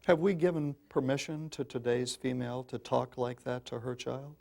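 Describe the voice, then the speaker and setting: A man's voice: mid-range voice, normal speed, vocal fry, darkish tone. An older man giving an emphatic public talk on parenting to an audience, calling listeners folks in a folksy, insistent manner. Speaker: parenting speaker.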